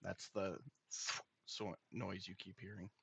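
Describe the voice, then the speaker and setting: Deep-voiced male game master. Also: level tone, slow, creaky, muffled recording, a little hiss or hum. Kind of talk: narrating a tabletop game.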